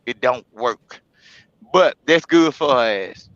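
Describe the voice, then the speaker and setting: Loud animated man with a bright voice. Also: mid-range voice, takes it slowly, dry recording. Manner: loud, animated storytelling, swears freely. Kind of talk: casual podcast chat. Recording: dull lo-fi mic.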